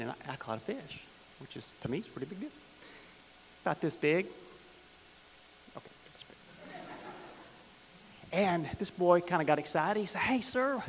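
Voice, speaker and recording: A man leads a church Bible class in a folksy, joking way, stopping to ask his listeners questions. His voice sits a little high. The recording carries a long hall reverb and a faint hiss. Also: gravelly. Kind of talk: church teaching with stories.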